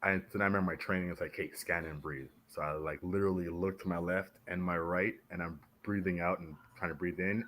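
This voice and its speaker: Man, deep voice, from Canada, military veteran, animated storyteller, podcast guest. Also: a little hiss or hum. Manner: animated, acts out the voices of others in his stories. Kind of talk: casual storytelling in a podcast interview.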